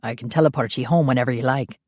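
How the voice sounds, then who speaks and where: A woman reads as a charming, centuries-old vampire man, pitched below her own deep voice. He sounds calm and reassuring in this dry, close audiobook reading. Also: fast, no echo. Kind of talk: audiobook character voice.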